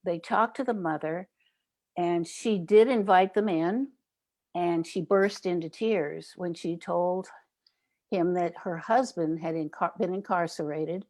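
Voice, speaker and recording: A woman's voice: on the low side, darkish tone. An older woman on an interview show, telling community stories and acting out the people she quotes. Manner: storytelling, acts out quoted neighbors. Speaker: guest, child safety advocate.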